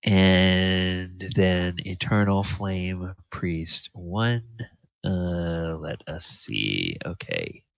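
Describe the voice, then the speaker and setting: A man with a very deep voice narrates a tabletop game as its dungeon master, taking his time and pausing on fillers. The sound is dry and close, with a dull lo-fi quality. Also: animated, creaky, dry recording. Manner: unhurried, halting with fillers.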